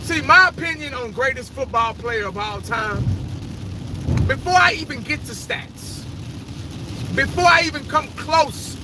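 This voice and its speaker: Over a noisy background, a fan vlogger with an extremely high-pitched voice rants casually about football greats. He's opinionated, swears freely, and rambles as he goes.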